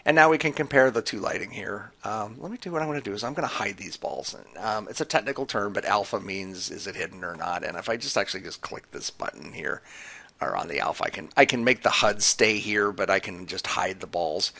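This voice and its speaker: Male tutorial presenter: lowish gravelly voice, bright tone, relaxed screen-recording walkthrough. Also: brisk. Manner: casual, talks through clicks with fillers.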